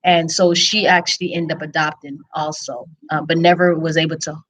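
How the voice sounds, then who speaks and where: A woman candidly telling her personal story of infertility and faith, reflective, with frequent pauses and restarts. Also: deep voice, little pitch movement, a bit bright, poor audio. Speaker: speaker sharing her story. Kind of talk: personal testimony, casual storytelling.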